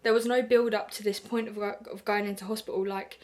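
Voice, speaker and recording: A woman's voice: mid-range voice, steady tone, fairly quick, a little mellow. Young british woman vlogging, chatty and candid, lots of "like" and "i was like", talking straight to camera. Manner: chatty, candid, lots of fillers and quoted reactions. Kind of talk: casual storytelling to camera.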